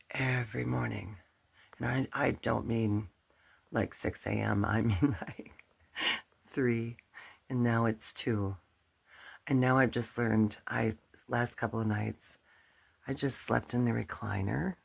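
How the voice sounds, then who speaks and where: Older woman, very low gravelly voice. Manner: rambling, chatty, self-mocking. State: worn out. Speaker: channel host. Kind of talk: casual talk to camera. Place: cluttered home workspace.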